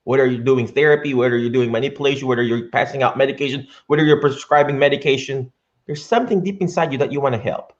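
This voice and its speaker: A man hosting a live-streamed interview, talking in an animated, preachy way to his viewers. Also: mid-range voice, quick pace. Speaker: host. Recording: dull lo-fi stream audio with faint music.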